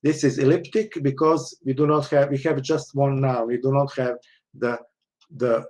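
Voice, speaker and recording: A man's voice: medium pitch, level tone, normal speed, a little mellow. Man lecturing, constant "okay?" checks. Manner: frequent "okay?" checks, restarts, explanatory. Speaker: university lecturer. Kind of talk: online lecture.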